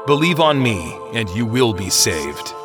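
A man voicing the Lord as a calm, assured and reassuring divine voice. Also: medium pitch, measured pace, over music, voice pushed down.

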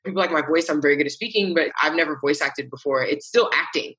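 A woman's voice: sits low, fast, fairly bright tone, breathy edge, rough recording. A young adult woman, a voice actor, chatting animatedly in an interview and laughing often. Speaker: voice actor guest. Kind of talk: casual interview chat.

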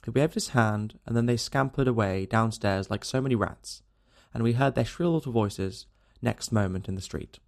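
A man narrating a classic novel in a steady storytelling delivery. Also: medium pitch, normal speed, vocal fry. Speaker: audiobook narrator.

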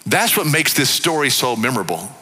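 Emphatic male pastor, bright forceful tone, long hall reverb. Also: very animated. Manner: emphatic preaching, swings from loud to low and slow. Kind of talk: sermon.

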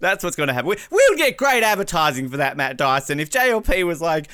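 A man chats with his co-host at a quick clip. His pitch leaps all over the place. He swears casually and breaks into loud impressions. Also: smooth, no echo, studio quality. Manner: animated, swears freely, mimics people in loud bursts. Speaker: podcast co-host. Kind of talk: casual chat.

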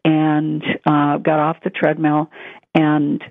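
Woman guest telling a story, animated, does the voices, sounds like a phone line, dry. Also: low voice, slow, creaky, no room sound. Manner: animated, acts out quoted voices. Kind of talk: storytelling in a conversation.

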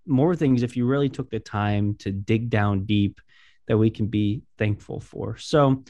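A man's voice: on the low side, measured pace, a little mellow, no room sound. A man co-hosting a church podcast, upbeat and playful, often restarting his sentences. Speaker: podcast co-host. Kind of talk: casual faith podcast chat.

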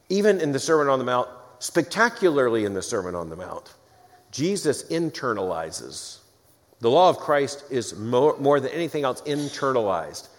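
Emphatic preacher in a reverberant hall. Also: male voice, mid-range voice, big pitch swings, normal speed. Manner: emphatic, reads scripture aloud with asides. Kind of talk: expository sermon.

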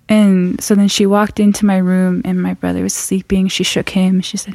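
A young woman from the Navajo Nation tells a frightening personal story. Her voice sits at a middle pitch and sounds close and dry. She often sinks into a near whisper at the tense moments. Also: steady tone, dry recording. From Navajo Nation, US Southwest. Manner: halting restarts, builds suspense. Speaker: guest storyteller. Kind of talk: telling a true scary story.

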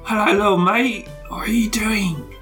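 A man's voice: high-pitched, fairly even intonation, unhurried, fairly bright tone, soft background music, voice pushed up. A man voicing a clumsy, friendly drunk giant in a tabletop game. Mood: doting.

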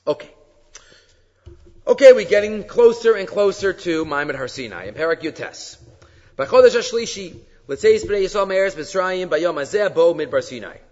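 Rabbi guy teaching torah, reads the then explains, asks questions, a bit high voice, long hall echo. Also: lively intonation, normal speed, darkish tone. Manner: reads Hebrew verses then translates, asks rhetorical questions. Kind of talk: Torah lecture, explaining sources. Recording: dull lo-fi sound with long reverb.

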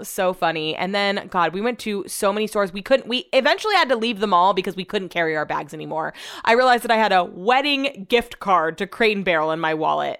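A woman's voice: mid-range voice, a bit bright. A young woman hosting a casual chat, ranting and swearing freely. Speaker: podcast host.

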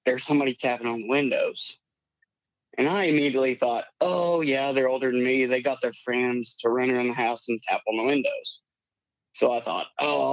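A man's voice: medium pitch, dry recording. A man in his late twenties calling in to tell a rambling, plainspoken story of a strange encounter. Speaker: caller. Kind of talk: telling a personal encounter story. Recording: dull, lo-fi call audio.

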